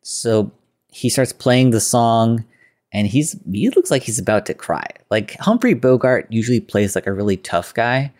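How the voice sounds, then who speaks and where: A man's voice: mid-range voice, lively intonation, moderate pace, a little mellow. Man casually recapping an old film. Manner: loose retelling with quoted lines and filler words. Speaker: podcast host.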